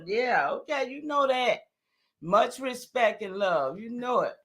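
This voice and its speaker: A woman's voice: a little high, lively intonation, a little slow, a bit bright. An older woman, talking casually and emphatically to her livestream viewers, rambling and answering their comments. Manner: rambling, emphatic, talks back to chat comments. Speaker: livestream host.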